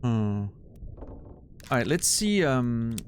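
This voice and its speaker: A man's voice: mid-range voice, big pitch swings, drawn-out words, a little hiss or hum. A man streaming a game, casually puzzling things out aloud as he plays. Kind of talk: casual gameplay commentary.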